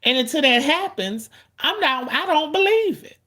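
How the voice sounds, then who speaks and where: A woman in her forties hosting a livestream, venting to her chat in a blunt, profane, rapid-fire way and stretching out the lines she wants to stress. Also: high voice, animated, pushed and bright. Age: 40s. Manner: drawn-out emphatic lines. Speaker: livestream host. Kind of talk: casual ranting to chat.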